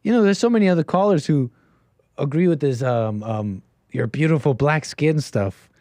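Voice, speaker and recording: A man's voice: fairly high pitch, animated, moderate pace, warm tone, no room sound. A man from Canada hosting a call-in show, chatting casually with a caller and laughing often. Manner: laughs often, easygoing banter. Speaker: radio show host.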